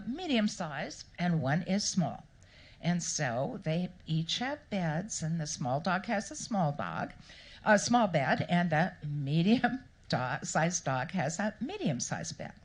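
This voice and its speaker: A woman author answering questions at a live event, telling stories in a playful, animated way and acting out the people she quotes. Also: on the low side. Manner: animated, playful storyteller who acts out quotes. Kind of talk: storytelling interview answers. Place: live Q&A event before an audience.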